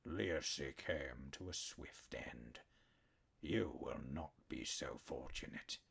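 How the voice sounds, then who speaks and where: A man voicing a huge, menacing male black cat warlord in an audiobook, speaking slowly in a deep, quiet near-whisper that drops to a growl. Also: vocal fry, slightly rough, exaggerated voice. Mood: quietly menacing. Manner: slow, soft-spoken threats, growling.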